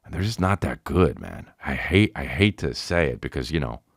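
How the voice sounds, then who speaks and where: A man's voice: a bass voice, normal speed, creaky, no echo, studio quality. A man hosting a podcast, ranting in a loose, profane, rambling comedic way. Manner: rambling, profane, animated, breaks into sung snippets. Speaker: podcast host. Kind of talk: casual comedic rant.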